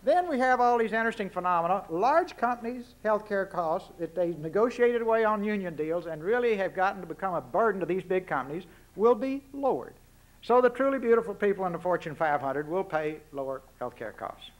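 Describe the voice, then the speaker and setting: A man with a Texas accent, high-voiced, expressive and brisk, addresses a forum audience as a guest speaker. His political speech is folksy, packed with punchy rhetorical questions and asides.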